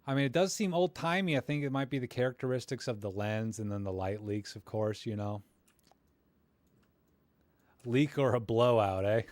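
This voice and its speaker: Male streamer, middle-pitched voice, chatty and rambling, dry close sound. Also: a little mellow, no echo. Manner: rambling, filler-heavy, self-deprecating; friendly, encouraging toward viewers. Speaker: livestream host critiquing viewer photos. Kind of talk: casual live-stream commentary.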